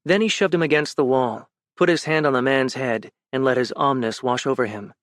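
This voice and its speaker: A man reading fantasy fiction as an audiobook narrator, measured and even. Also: medium pitch, no echo, studio quality.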